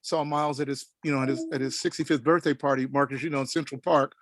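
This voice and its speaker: A middle-aged man from Oklahoma telling a story on a panel, animated and rambling with many restarts. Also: medium pitch, fast talker, no room sound. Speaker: panel guest.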